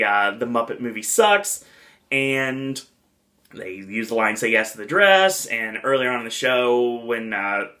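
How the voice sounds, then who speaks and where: A man with a mid-pitched, everyday voice talks through a review in casual podcast style. He rambles excitedly and piles on "um," "uh," and "like" as he goes. He speaks as the show's host. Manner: rambling, enthusiastic, many fillers. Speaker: podcast host reviewing a theme park event.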